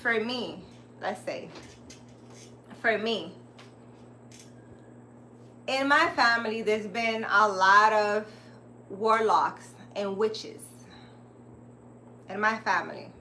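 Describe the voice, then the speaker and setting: A woman's voice: medium pitch, extremely slow, pauses often, sharp tone, a little hiss or hum. A woman hosting a casual livestream, rambling and chatty as she talks straight to her viewers. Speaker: livestream host.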